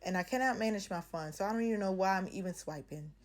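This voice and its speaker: A woman's voice: medium pitch, quick pace. Young woman, vlogger, casual craft how-to, playful, chatty, slangy. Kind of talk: casual DIY tutorial.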